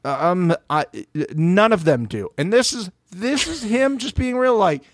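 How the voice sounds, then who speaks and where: A man's voice: high-pitched, unhurried, no room sound, studio quality. A man co-hosting a podcast in casual, profane chat, often quoting other people as he talks. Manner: animated, profane, quotes others. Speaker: podcast co-host.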